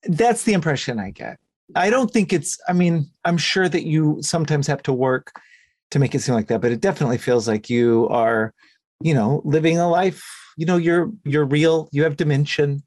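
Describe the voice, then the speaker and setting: A man hosting an interview, responding in a measured, reflective way. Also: a little high, darkish tone, no room sound, clean studio sound. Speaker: podcast host. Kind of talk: casual interview chat.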